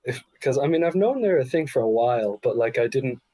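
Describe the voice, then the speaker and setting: A man's voice: medium pitch, expressive, a little fast, warm tone, dry recording, low-quality recording. A young man co-hosting a casual podcast, joking and sarcastic. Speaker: podcast co-host.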